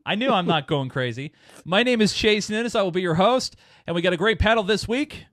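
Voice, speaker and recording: A man's voice: high voice, lively intonation, fairly quick, fairly bright tone, no echo. A man hosting a podcast, joking with his panel and laughing often. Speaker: host. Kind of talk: casual podcast chat.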